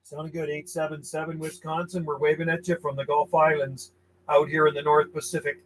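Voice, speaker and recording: A man's voice: on the high side, little pitch movement, brisk. A man working as a CB radio operator, calling out call signs and answering distant contacts with clipped calls and friendly sign-offs from a home station. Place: home radio station on an island off western Canada. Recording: loud radio static behind the voice.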